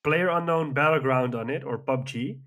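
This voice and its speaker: A man with a mid-range voice chats casually as a podcast co-host. He rambles with enthusiasm and drops frequent fillers as he goes. His voice sits at an ordinary pitch. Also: normal speed, a bit bright. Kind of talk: casual chat.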